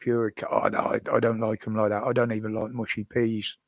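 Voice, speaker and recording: A man's voice: on the low side, flat delivery, fast, dry recording. Older chatty British man, dry sound. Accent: British English. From United Kingdom. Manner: rambling, chatty, chuckles often. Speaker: live-stream host. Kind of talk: casual chat answering viewers. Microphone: desk microphone.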